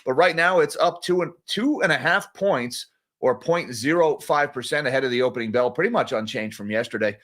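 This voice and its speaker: A man with a mid-range, slightly bright voice hosts a morning market news livestream at a brisk clip. He talks casually and directly to his viewers, calling them "guys."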